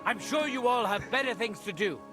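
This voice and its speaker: A stern, commanding town judge in a video game. He speaks formally in a high, lively voice. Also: fairly quick, music in the background.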